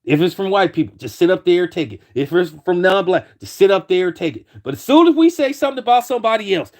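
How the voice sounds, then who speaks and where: Guy w a high voice going off on a rant, keeps repeating himself, real heated. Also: lively intonation, quick pace, hardly any pauses, a little mellow. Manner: heated, repetitive, many restarts. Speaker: commentator. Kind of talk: ranting opinion commentary.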